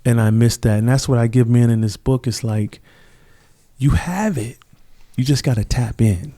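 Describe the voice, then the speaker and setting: Speaking warmly at a medium pitch and normal speed, this middle-aged man is a guest on a podcast. He shares stories earnestly and thoughtfully, performing the voices of those he quotes as the interview unfolds.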